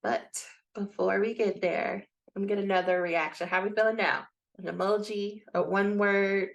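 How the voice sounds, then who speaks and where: A woman coaching a group of students, talking to them in a lively, blunt and direct way. Her pitch sits in an ordinary middle range. The sound comes through a video call. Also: moderate pace, muffled recording. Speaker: dissertation coach. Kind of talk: live coaching session.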